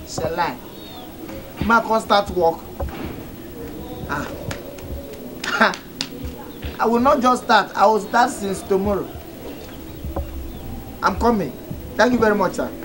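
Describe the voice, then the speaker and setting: An actor with a Nigerian Pidgin English accent playing a brash talkative young man who is loud, excitable and quick to grovel, in a film. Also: high voice. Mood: rowdy. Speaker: character in a film. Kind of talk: film acting. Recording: noisy film location sound.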